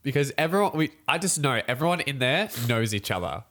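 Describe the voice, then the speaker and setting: A young man tells a story in a loose, chatty way, jumping up high whenever he acts out what someone said. He laughs often and talks in quick bursts between small pauses. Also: very animated, fairly bright tone. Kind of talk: casual chat.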